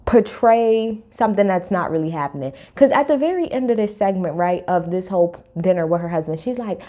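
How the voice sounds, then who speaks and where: A woman speaks, recapping a reality TV episode in a casual, chatty way. Her delivery is sassy and animated, and she stops often to throw in blunt opinions. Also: lowish voice, brisk, few pauses. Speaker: TV recap host.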